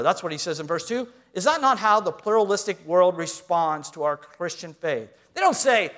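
A man preaching a sermon to a congregation, swinging between quiet asides and loud, emphatic lines. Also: high-pitched, animated, normal speed, hardly any pauses. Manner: reads scripture aloud, addresses congregation directly. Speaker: pastor.

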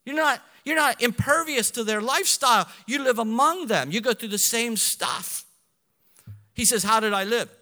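Pastor, male, high and bright voice, lively sermon that swings from loud to hushed, in a hall with long reverb. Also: moderate pace.

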